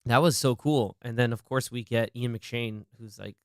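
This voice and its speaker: Animated man retelling scenes on a podcast. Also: mid-range voice, moderate pace, no echo, studio quality. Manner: animated, acts out movie scenes in quoted voices. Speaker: podcast host. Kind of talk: casual movie chat. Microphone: studio mic.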